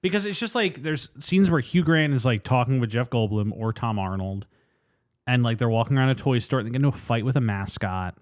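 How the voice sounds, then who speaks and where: A man co-hosting a casual movie podcast, talking in a lively, jokey way and slipping into mocking voices. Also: mid-range voice, brisk. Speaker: podcast co-host. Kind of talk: casual movie review chat.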